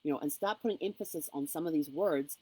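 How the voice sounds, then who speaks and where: A woman's voice: deep voice, fast, a little mellow, husky, no echo, low-quality recording. A woman giving an upbeat, encouraging motivational vlog to camera, with frequent ums. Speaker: motivational vlogger. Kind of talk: casual motivational talk to camera.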